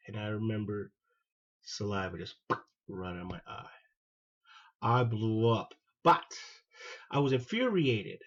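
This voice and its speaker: A man, a former Marine hosting his own show, telling a personal story in an animated way and acting out what people said. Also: lowish voice, breathy edge, lo-fi sound. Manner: animated, acts out quoted dialogue. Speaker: podcast host, former Marine.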